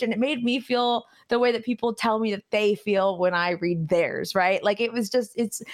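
A woman streamer telling a story in a casual interview, animated and laughing often. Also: medium pitch. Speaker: streamer guest.

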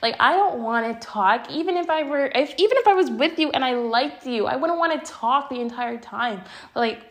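A woman's voice: high-pitched, animated, moderate pace, few pauses, fairly bright tone. A woman in her twenties telling a personal story to her viewers, venting with frequent swearing and filler words. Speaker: storytime vlogger.

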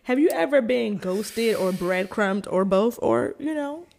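Creaky-voiced playful woman host. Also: mid-range voice, animated, a little slow, a little mellow, slight background noise. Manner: playful and joking. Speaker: podcast co-host. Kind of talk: casual chat.

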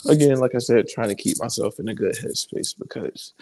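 A man's voice: medium pitch, brisk, mellow, slight background noise. Slightly winded man walking at work. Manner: reflective, says um a lot, laughs lightly. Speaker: podcast co-host. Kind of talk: casual podcast chat.

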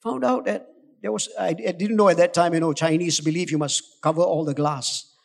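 A high-pitched male pastor preaches with urgency, swinging between coaxing lows and near-shouted peaks. His voice rings through a church hall with a long, lingering reverb. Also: a little fast, gravelly. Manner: urgent, exhorting, rising to shouts, coaxing the congregation. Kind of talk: sermon.

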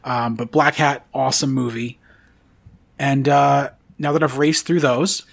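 A man's voice: mid-range voice, fairly even intonation, unhurried, gravelly. A man hosting a podcast in casual chat, rambling and enthusiastic with lots of fillers. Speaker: podcast host.

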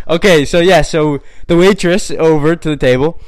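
A young man hosting a casual podcast chat from a cabin, rambling and halting, quick to laugh. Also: fairly high pitch. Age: young adult. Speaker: podcast host.

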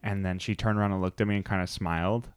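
A man in his thirties co-hosting a podcast, telling a relaxed story in casual chat. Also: deep voice, fast, clear, resonant tone, dry recording. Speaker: podcast co-host.

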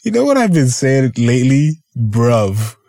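A man hosts a podcast of casual storytelling chat, rambling loosely, swearing freely, and laughing a lot. His mid-range voice is warm and a little slow, captured in clean studio sound with no echo.

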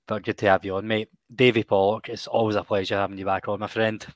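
A man's voice: on the low side, flat delivery, fast, no room sound. A Scottish man hosting a casual football podcast, talking with frequent ums and the odd swear. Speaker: podcast host.

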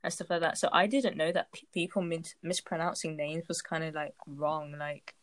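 A young woman in casual chat, relaxed and full of fillers. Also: low-pitched, moderate pace, no room sound. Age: young adult.

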